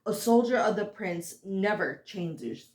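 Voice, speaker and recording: A woman reading the lines of a fierce, hot-tempered young heroine in an amateur audiobook, with sharp, scolding dialogue. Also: mid-range voice, unhurried, reverberant, close to an everyday voice. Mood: angry.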